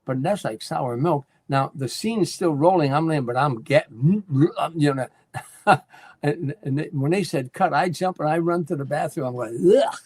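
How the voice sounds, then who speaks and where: With a fairly high yet darkish voice at normal speed, this older guest comedian shares show-business stories in a casual way, performing the quoted lines himself.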